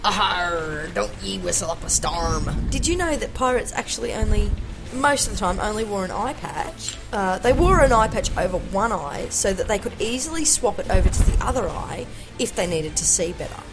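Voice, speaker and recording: A woman's voice: mid-range voice, lively intonation, a little fast, music in the background, rough recording. A young woman co-hosting a casual podcast, jokey and giggly, now and then slipping into a pirate voice. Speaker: podcast co-host. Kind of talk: casual chat.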